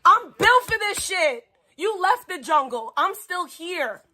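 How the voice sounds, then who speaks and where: A woman's voice: extremely high pitch, sing-song, slow pace, sharp tone. A woman ranting profanely and taunting someone on a home livestream. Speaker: streamer. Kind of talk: angry livestream rant.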